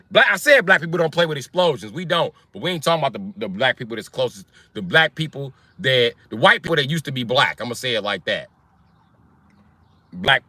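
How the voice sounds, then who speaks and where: A man's voice: mid-range voice, pushed and bright, no room sound. A man, a comedian, rambling through a profane stand-up style rant on his live stream.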